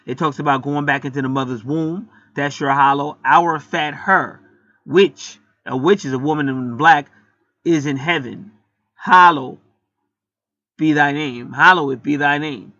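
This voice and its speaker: A man's voice: mid-range voice, bright, forceful tone, dry recording, highs cut off. A man, preaching a blunt, profane spiritual teaching monologue that builds to heated outbursts.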